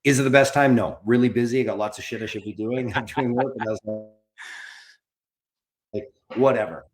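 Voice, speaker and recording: A man's voice: medium pitch, fairly even intonation, moderate pace. A man in his forties, a podcast guest, talking candidly and rambling a bit, swearing casually. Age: 40s. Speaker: podcast guest, documentary producer. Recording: roomy echo.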